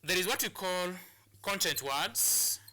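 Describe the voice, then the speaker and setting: Bright-voiced Kenyan English teacher. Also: male voice, sits high, animated, takes it slowly, slight background noise. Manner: repetitive, restarts phrases, drills words aloud. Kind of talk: classroom lesson on English stress. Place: studio or classroom for educational broadcast.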